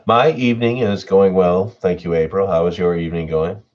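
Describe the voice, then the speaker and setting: A man's voice: low voice, normal speed. A man hosting a livestream who reads horror stories aloud and chats casually with his viewers, answering their messages. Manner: relaxed and chatty, reads chat messages aloud. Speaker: horror story narrator and livestream host. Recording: dull lo-fi home audio.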